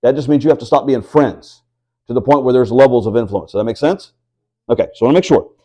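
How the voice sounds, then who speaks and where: A pastor preaches a sermon to a house church, reading scripture aloud and posing rhetorical questions to his listeners. He is a fast talker with a mellow, mid-range voice.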